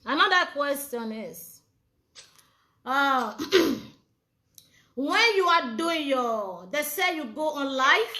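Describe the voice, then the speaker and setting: A woman interviewing a guest in a live online chat, halting and repeating her questions. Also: sits high, expressive, sharp tone, reverberant.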